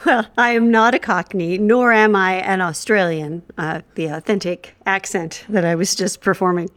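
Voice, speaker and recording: A woman's voice: mid-range voice, steady tone, normal speed, a bit bright. A woman plays a pretend ballet authority on a comedy podcast. She delivers absurd claims in a lofty, mock-earnest tone. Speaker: guest playing a ballet expert. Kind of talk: improvised comedy podcast bit.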